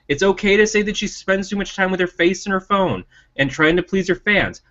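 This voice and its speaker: A man co-hosting a casual podcast about TV, voicing strong opinions with emphatic rising pitch. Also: fairly quick, a bit bright. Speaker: podcast co-host. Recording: dull lo-fi sound.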